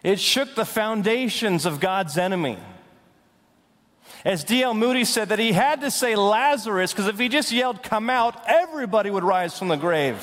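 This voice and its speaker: A young adult man preaching a sermon, swinging from loud, rising declarations to hushed, slow intensity. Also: sits high, lively intonation. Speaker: pastor. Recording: long hall reverb.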